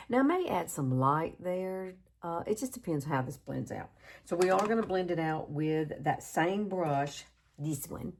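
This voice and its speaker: A woman's voice: fairly low pitch, vocal fry, breathy edge. A Southern woman from Alabama in her fifties, chatting casually through a makeup tutorial and laughing at herself often. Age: 50s. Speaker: beauty vlogger.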